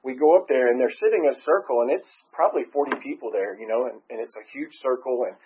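A man's voice: mid-range voice, quick pace, slight background noise. Man telling a rambling story. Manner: rambling, chatty, often breaks into laughter. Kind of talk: casual personal storytelling. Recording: muffled lo-fi recording.

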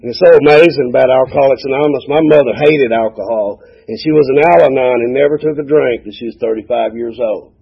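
A man's voice: mid-range voice, fast talker, hardly any pauses, husky. A man, sharing a folksy, humorous personal story at a recovery meeting, acting out the dialogue. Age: 40s. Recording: dull lo-fi recording.

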